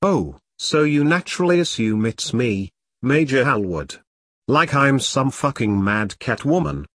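A man's voice: mid-range voice, lively intonation, a little slow, a bit bright, no room sound. A man voicing a sarcastic female soldier. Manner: dry, sarcastic. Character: sardonic female soldier, young adult woman.

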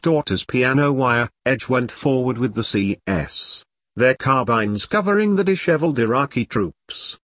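A man narrates an audiobook in a steady, measured way. His voice sits at a middle pitch. The recording is dry and close, with no room sound. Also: no echo.

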